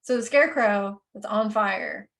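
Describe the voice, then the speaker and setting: Running a tabletop game as dungeon master, a woman narrates in a medium, somewhat bright voice without hurrying. She talks loosely and rambles, leaning heavily on fillers.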